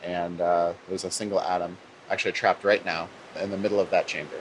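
A lower-pitched man, a lab researcher answering interview questions. He restarts and repeats words as he explains. A faint air-conditioning hum runs behind him. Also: level tone, a little fast, low-quality recording.

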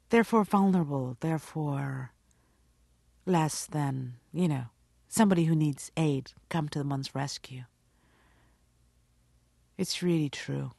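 A woman's voice: deep voice, creaky, dry recording, studio quality. A woman, an actress, telling stories in an interview and acting out the people she quotes. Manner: animated storyteller, acts out quotes. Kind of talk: radio interview.

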